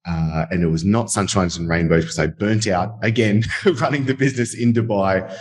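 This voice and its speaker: A low, deep-voiced man with an Australian accent talks through his story as a podcast guest. He sounds earnest and reflective, with an easy sprinkling of fillers as he goes. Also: fairly quick, a little mellow, poor audio. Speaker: podcast guest, business owner. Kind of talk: conversational storytelling interview.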